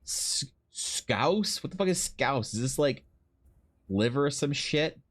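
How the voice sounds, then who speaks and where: Profane, animated male streamer. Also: medium pitch, slow pace. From Ukraine. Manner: animated, profane, mock-outraged riffing while reading. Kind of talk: casual livestream chat.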